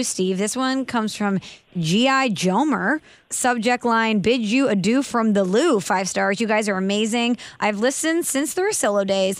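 Woman, podcast co-host, playful, animated, dry close sound. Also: mid-range voice, dry recording. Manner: playful, animated, reads listener reviews. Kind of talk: casual chat.

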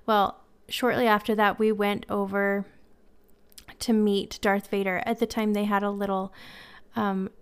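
Chatty woman with a smooth voice. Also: medium pitch. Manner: chatty, laughing often. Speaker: podcast host; mother. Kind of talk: casual storytelling.

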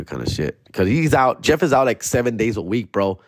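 A man hosting a comedy podcast, telling a story in a loose, slangy way and peppering it with "fool" and "bro", with sudden jumps into a high, excited voice. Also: fast, few pauses, no echo, clean studio sound. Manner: slangy, animated retelling, jumps to high excited voice when quoting himself. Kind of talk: casual storytelling.

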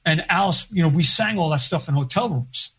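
Man, podcast guest, high voice, husky, casual rambling storytelling. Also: lively intonation, brisk, a bit bright. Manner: rambling, many "like" fillers. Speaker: podcast guest, record producer.

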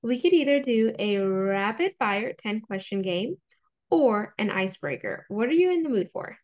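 An upbeat woman hosts a podcast interview. Her voice sits a little high, and she plays host like a game show, bright and playful. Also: sing-song, normal speed.

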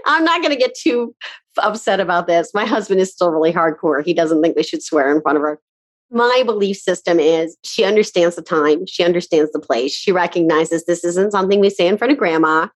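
A middle-aged woman hosting an interview, telling stories in a chatty way, laughing often and acting out quotes. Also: fairly low pitch. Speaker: podcast host. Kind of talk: casual conversational interview.

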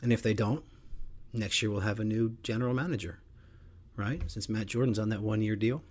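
Crude, joking middle-aged podcast host. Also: male voice, fairly low pitch, fairly even intonation, brisk. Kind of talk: casual sports talk.

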